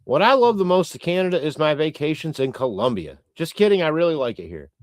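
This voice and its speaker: A man's voice: a little high, big pitch swings, fast, no echo. A man hosting a live stream, chatting loosely and reading out viewer comments in a rambling, irreverent way with casual swearing. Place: lives in Canada.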